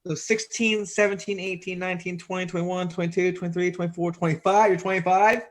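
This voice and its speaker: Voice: mid-range voice, steady tone, brisk. A podcast co-host who jokes and teases the guest in casual chat. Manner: joking, teasing.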